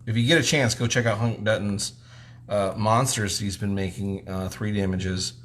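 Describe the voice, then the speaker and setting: A man's voice: lowish voice, steady tone, normal speed, a bit bright. A man hosting a casual live stream, joking and teasing in slangy, laid-back talk. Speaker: host of a live drawing stream.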